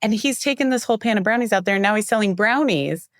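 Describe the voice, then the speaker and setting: A woman's voice: medium pitch, fast, no echo, clean studio sound. A woman guest on an interview show, telling stories and acting out the quoted dialogue in them. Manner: lively storyteller who acts out quoted dialogue. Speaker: marketing executive, guest. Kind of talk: casual interview storytelling.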